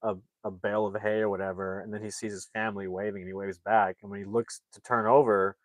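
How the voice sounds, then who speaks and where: A man's voice: lowish voice, little pitch movement, fast talker, dry recording. A man casually recapping a film's plot, rambling with lots of filler words. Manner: rambling, filler-heavy storytelling. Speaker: movie reviewer.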